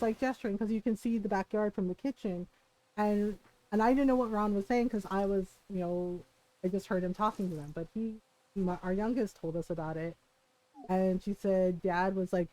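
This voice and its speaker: A middle-aged woman chats on her stream, winding through a family story with lots of "he's like" and quick changes of voice as she quotes her husband and daughters. Her tone is warm and dark rather than bright, sitting at an ordinary pitch for a woman. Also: rough recording. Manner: rambling, quotes people in animated voices, frequent laughs. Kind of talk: casual storytelling chat.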